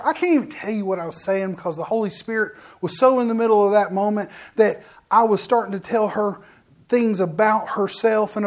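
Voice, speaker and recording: A middle-aged preacher is in full storytelling flow. The preacher speaks in the middle pitch range and talks straight to the congregation. Lively asides keep breaking into the story, and sentences often restart halfway. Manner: addresses the audience directly with asides. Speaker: minister. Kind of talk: sermon testimony to a congregation.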